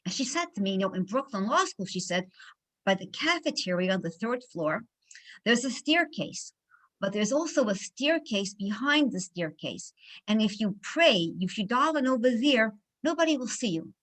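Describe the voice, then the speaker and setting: Animated New woman telling stories. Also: on the high side, normal speed, low-quality recording. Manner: animated storyteller, acts out dialogue. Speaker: guest speaker. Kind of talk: inspirational talk with storytelling.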